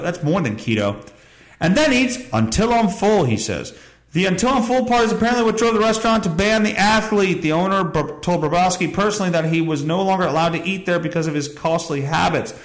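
A man hosting a podcast, rambling through a casual monologue and reading news with a sarcastic, profane manner. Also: high voice. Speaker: podcast host. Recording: echoey room.

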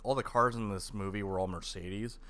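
A man hosting a casual podcast chat, talking in a relaxed way with hesitant fillers while steering the conversation. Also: on the low side, a little fast. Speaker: podcast host.

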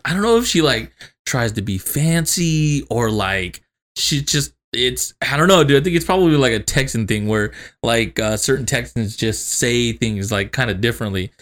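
A man's voice: medium pitch, animated, moderate pace, fairly bright tone. A young man co-hosting a podcast, telling loose, laughing stories about family with plenty of swearing. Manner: laughs often, swears, loose storytelling with acted quotes. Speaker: podcast co-host. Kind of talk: casual chat.

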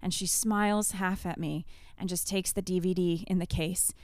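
Woman in her 30s rambling thru a chaotic story, smooth clear voice, dry close sound. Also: fairly low pitch, normal speed, no room sound. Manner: animated, laughing retelling with lots of "like". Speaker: podcast co-host. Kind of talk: casual storytelling chat.

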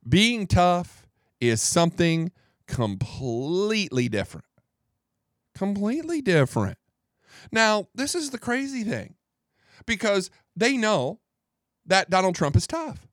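Animated man doing political commentary. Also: high voice, slow, pauses often, no room sound, studio quality. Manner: animated, incredulous, repeats words for emphasis. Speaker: podcast host.

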